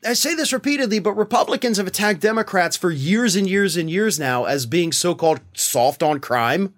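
A male commentator with a fairly high voice that swings widely in pitch as he vents. His delivery is sarcastic and indignant, full of mocking asides and pointed rhetorical questions. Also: expressive, brisk, hardly any pauses, a bit bright. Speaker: political commentary host. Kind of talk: opinionated political commentary.

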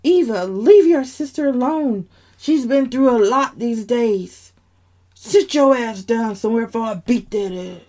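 A woman reads a father who is stern and protective with his daughters, speaking firmly with a lively lift in the voice. It is a storybook reading with a slow, deliberate pace. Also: a little high. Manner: stern, firm.

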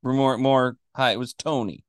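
A man co-hosting a casual podcast chat, animated, acting out characters he quotes. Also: medium pitch, measured pace, clear, resonant tone, no room sound, studio quality. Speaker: podcast co-host.

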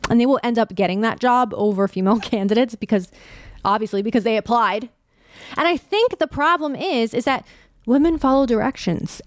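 A young woman talks straight into a close mic in a dry, deadened space. She is candid and casual, with a touch of vocal fry and loose, unpolished phrasing. Her pitch sits right in the middle for a woman. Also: no room sound. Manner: candid, conversational, swears casually. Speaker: podcast host. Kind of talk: personal podcast monologue.

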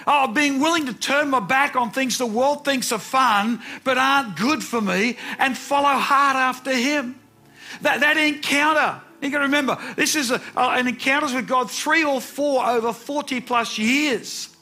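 A man's voice: very high voice, moderate pace, pushed and bright, husky, soft background music. A man in his sixties preaching a sermon, telling personal stories earnestly and repeating words for emphasis. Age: 60s.

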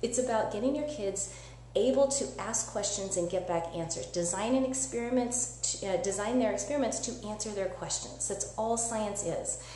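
A woman science educator giving a lively live-streamed teaching demo, chatty and upbeat, often checking in with "right?". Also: medium pitch, normal speed. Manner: energetic, chatty, asks listeners "right?". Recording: echoey room with faint hum.

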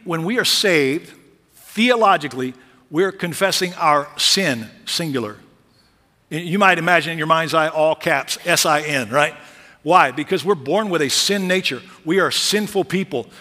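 Male pastor, sermon, punchy and high-ish, conversational with jokes, long church reverb. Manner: lively, conversational preaching with humorous asides. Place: large church sanctuary. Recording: long reverb of a large hall.

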